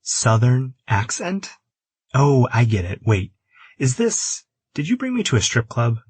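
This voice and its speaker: A man voicing a husky, teasing young man. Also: medium pitch, very animated, measured pace, a little mellow, dry recording, voice pushed up. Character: teasing, skeptical young man, quick-witted.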